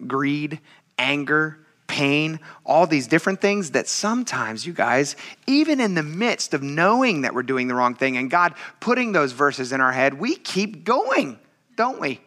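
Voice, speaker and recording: Man, pastor, sermon, animated storyteller, high voice, bright tone. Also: unhurried. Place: church.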